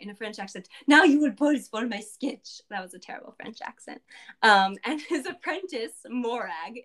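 A woman's voice: on the high side, fairly bright tone. A woman casually recapping a tabletop game session, chatty and full of asides.

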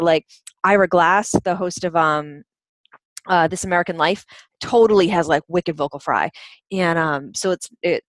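A woman's voice: on the low side, no room sound. A woman co-hosting a podcast, talking in a chatty, playful way. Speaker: podcast co-host. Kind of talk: casual chat.

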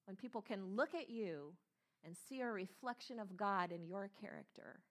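A woman preaches with earnest emphasis. She repeats her key phrases and slows down on the words that matter most. Her voice sits at an ordinary, middle pitch for a woman. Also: animated. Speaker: pastor, speaker. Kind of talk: sermon.

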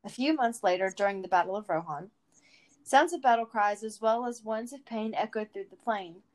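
A woman host with a middle-pitched voice reads a story aloud in a plain narrating voice. She then chats thoughtfully, circling back with restarts as she works through her ideas. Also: normal speed, darkish tone. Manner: chatty, many fillers and restarts, thoughtful. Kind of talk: reading fan fiction aloud and casual chat.

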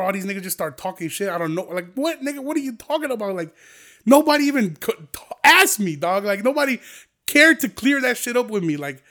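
A young man delivers a heated solo podcast rant with a high voice. He curses constantly and swings between low, muttered asides and loud, fired-up outbursts. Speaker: podcast host. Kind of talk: ranting podcast monologue.

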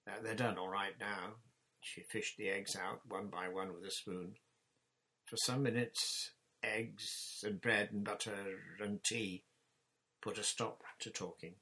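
A man narrating a children's story chapter in a measured, plain reading voice. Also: lowish voice, steady tone, sharp tone, slightly rough, low-quality recording. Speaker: audiobook narrator.

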